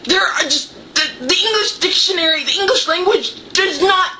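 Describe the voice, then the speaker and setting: High, lively woman vlogger, noisy recording. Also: normal speed. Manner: giggly and tearful, excitable outbursts. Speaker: book vlogger. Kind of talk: casual vlog chat.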